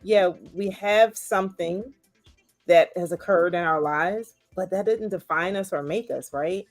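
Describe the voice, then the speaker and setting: Animated, playful woman host. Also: fairly low pitch, a little slow, soft background music. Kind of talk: casual chat.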